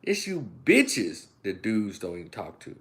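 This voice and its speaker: Middle-aged Southern man, opinion host, folksy and animated, voice leaps up and down. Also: fairly low pitch, a little slow. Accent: Southern American. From Memphis, United States. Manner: animated, acts out voices and imitations; folksy, addresses listeners as y'all. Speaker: commentary channel host. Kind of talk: ranting opinion commentary.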